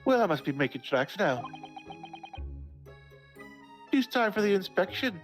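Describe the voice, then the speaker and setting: A player voicing a pompous upper-class gentleman during a fan reading of a game, with stately, old-fashioned phrasing. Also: mid-range voice, big pitch swings, measured pace, faint music behind, voice pushed up. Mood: self-important.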